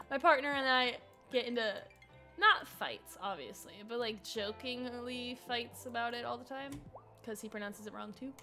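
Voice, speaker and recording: Woman streamer, high and bright, giggly casual gameplay chatter. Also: measured pace, faint music behind. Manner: giggly, chatty, reacts aloud to characters.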